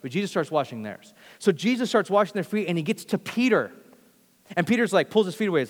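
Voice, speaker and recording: Delivering a sermon at a fairly quick pace, this high-voiced preacher acts out the story with lively quoted voices, his volume rising and falling from loud to hushed. A long reverb tail follows his words.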